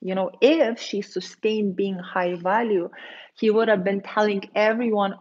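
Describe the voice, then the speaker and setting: A woman dating coach talking casually on a livestream, chatty and quick, acting out the voices she quotes. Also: mid-range voice, fairly even intonation, a little mellow, muffled recording. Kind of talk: casual livestream advice, reading viewer comments.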